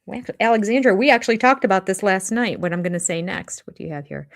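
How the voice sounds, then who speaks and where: An older woman hosting a live chat with viewers about a reality show, casual and animated, with restarts and quoted asides. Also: medium pitch, quick pace, vocal fry, hardly any pauses. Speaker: livestream host of a reality TV recap channel.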